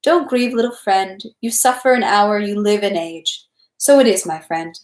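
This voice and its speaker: A woman reading aloud who voices a gentle male peasant prisoner, speaking in a tender, melodious and soothing way. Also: mid-range voice, moderate pace, natural voice. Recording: echoey room.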